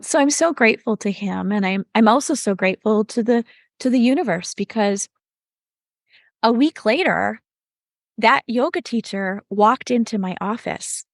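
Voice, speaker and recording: A middle-aged woman telling her life story in an earnest, reflective way, her voice carrying a gravelly fry at the edges. The sound is close and dry, with no room around it. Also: on the high side, no echo. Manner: earnest and reflective, recounting turning points. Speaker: podcast guest, yoga teacher. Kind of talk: personal storytelling.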